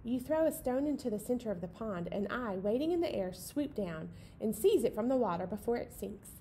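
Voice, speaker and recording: A woman reading a picture book as a gentle night owl telling its own story, in a soft, tender, unhurried voice. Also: on the high side, lively intonation, a little hiss or hum. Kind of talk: picture-book read-aloud.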